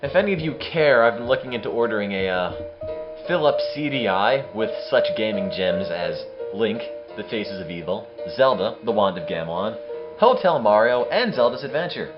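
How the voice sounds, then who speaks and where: A man's voice: on the low side, very animated, moderate pace, muffled recording, music in the background. A man streaming a game, giving casual, sarcastic commentary. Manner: sarcastic, joking.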